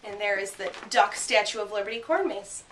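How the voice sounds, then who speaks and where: A woman teacher giving a grammar lesson and reading a picture book aloud, speaking clearly and punching out the sound words. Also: medium pitch, a little fast, noisy background. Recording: roomy sound from a distant mic.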